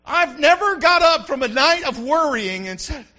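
A man preaching a sermon as a pastor, building to shouts and calling out to the congregation. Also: very high voice, very animated, moderate pace. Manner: preaching with rising shouts and call-and-response. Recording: dull lo-fi recording.

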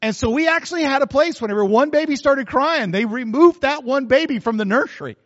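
Lively pastor preaching in a reverberant church. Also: male voice, very high voice, a little fast, lo-fi sound. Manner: folksy and joking, with frequent asides to the congregation. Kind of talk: sermon.

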